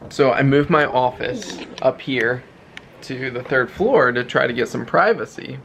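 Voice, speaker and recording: A man's voice: medium pitch, a little slow, gravelly, a bit bright, slight background noise. A man in his thirties talking casually to the camera in his home office, chatty and laughing often. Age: 30s. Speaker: vlogger. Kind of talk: casual vlog talk. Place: home, third-floor office. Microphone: handheld camera.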